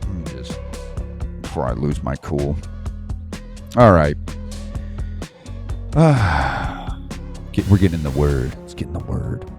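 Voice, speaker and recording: A man's voice: rumbling low, very animated, takes it slowly, pauses often, darkish tone, soft background music. A man hosting an online Bible study, ranting heatedly and rambling in slang, laughing to himself between points. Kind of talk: casual ranting commentary.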